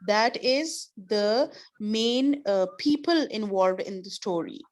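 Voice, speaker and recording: A woman's voice: mid-range voice, lively intonation, slow. A woman teaching an online class, explaining patiently with repeated examples. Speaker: English teacher.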